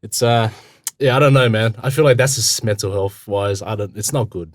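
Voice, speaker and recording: A young man co-hosting a podcast, chatting casually, animated and slangy, swearing freely. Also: lowish voice, normal speed, no room sound, clean studio sound. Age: young adult. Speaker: podcast co-host. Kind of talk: casual chat.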